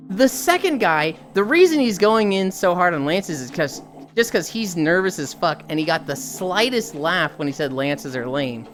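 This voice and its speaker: A woman in her thirties, a livestreamer telling stories to her chat in an animated, chatty way with casual swearing. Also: mid-range voice, normal speed, soft background music. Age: 30s. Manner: animated, profane, chatty, greets viewers.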